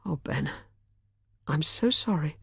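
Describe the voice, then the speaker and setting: A woman's voice: mid-range voice, big pitch swings, moderate pace, husky, no room sound, studio quality, pitched above the performer's own voice. A woman voicing an anxious, caring young woman in an audiobook, with urgent, rising questions in a raised voice. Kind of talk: audiobook character voice.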